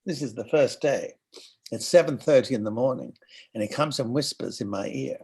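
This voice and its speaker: An older Australian man telling animated anecdotes as an interview guest, acting out the voices of people he quotes. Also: mid-range voice, moderate pace, breathy edge. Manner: animated storyteller who acts out quoted voices. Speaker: guest actor.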